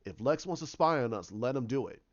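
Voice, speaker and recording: A man voicing a calm, resolute male superhero in his own voice, speaking steadily and matter-of-factly. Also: medium pitch, brisk, dry recording, close to an everyday voice. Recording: dull lo-fi recording.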